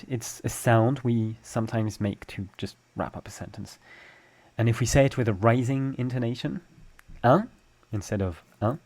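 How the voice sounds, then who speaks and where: Patiently working through a language lesson step by step with examples, this young Frenchman speaks with a French accent. His voice sits mid-range with a darkish tone.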